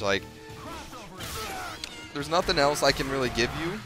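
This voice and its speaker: A young man hosting his gaming video, giving profane, excitable commentary with sudden yelps while he plays. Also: mid-range voice, a little slow. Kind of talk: profane live gameplay commentary. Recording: game music behind voice.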